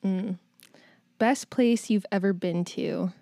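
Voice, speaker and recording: A woman co-hosting a podcast, upbeat, asking a guest quick questions. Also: mid-range voice, dark tone, no room sound. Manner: upbeat, asks interview questions. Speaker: podcast co-host. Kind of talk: casual chat.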